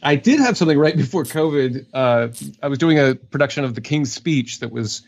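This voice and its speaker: A man's voice: mid-range voice, animated, a little fast. A man, a voice actor, chatting as a guest in a casual interview. He rambles and corrects himself, with plenty of fillers. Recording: dull lo-fi audio.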